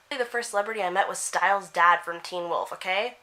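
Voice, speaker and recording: Bright-voiced chatty teen girl vlogger. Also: lowish voice, a little fast, hardly any pauses. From Canada. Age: teens. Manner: animated, swearing, acting out quotes of friends. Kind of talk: chatty get-ready-with-me storytelling.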